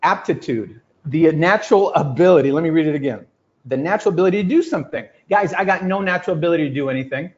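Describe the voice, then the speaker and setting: A man giving an energetic, emphatic motivational talk to a group, telling stories and acting out quotes. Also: on the high side, fast. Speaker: business coach. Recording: lo-fi muffled audio.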